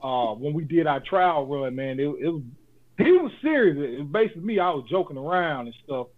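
A man's voice: on the high side, very animated, a little fast. A man co-hosting a casual podcast, talking in a laid-back, joking way and giving motivational advice. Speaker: podcast co-host. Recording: phone-like lo-fi audio.

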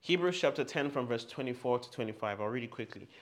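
A man's voice: medium pitch, expressive, fast talker. A man preaching a sermon and leading the listeners in spoken declarations. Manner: leads call-and-response declarations, growing loud and fervent.

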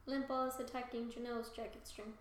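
A woman's voice: on the high side, little pitch movement, fast. A woman podcast co-host making dry, wry quips in casual comedic banter, recorded in an echoey room. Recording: echoey room, faint background noise.

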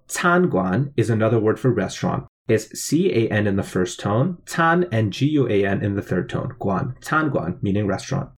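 A man co-hosting a language lesson, spelling out each word and explaining its meaning step by step. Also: on the low side. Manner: clear, methodical explanation. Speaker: language teacher co-host.

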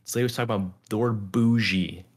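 A young man co-hosting a podcast, chatting casually, rambling with lots of filler words and slipping into animated impressions. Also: on the low side, quick pace, breathy edge. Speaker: podcast co-host. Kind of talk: casual chat.

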